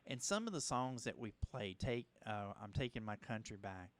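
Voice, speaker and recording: A man from Louisiana, hosting a radio interview in a halting, rambling way. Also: fairly low pitch, lively intonation. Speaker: host. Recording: radio broadcast.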